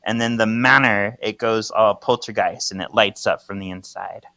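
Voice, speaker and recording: A man's voice: on the low side, steady tone, moderate pace, bright, forceful tone, dry recording. A man co-hosting a podcast, casually recapping a comic and laughing often while reading it out. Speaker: podcast co-host.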